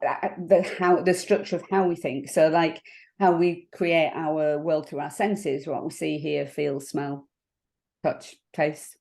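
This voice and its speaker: Reflective woman coach, low-pitched. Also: dark tone. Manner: reflective, halting, laughs often. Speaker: NLP coach. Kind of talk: casual interview conversation.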